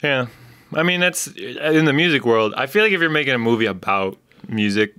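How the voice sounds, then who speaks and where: A young man guesting on a podcast, chatting playfully with quick banter. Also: mid-range voice, expressive, pushed and bright, a little hiss or hum. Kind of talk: casual chat.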